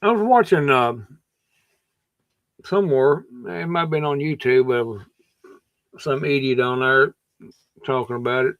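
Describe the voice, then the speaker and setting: Heard in phone-quality audio with no room sound, this man speaks at a measured pace in a mid-range voice, pausing often. He's a Kentucky livestream host with a somewhat scratchy throat, drawling and wandering through casual talk full of restarts.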